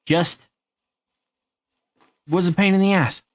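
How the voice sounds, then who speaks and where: A man's voice: sits high, steady tone, slow pace, no room sound. A man live streaming a game, telling a rambling, profane story to his chat. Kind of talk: casual storytelling while gaming.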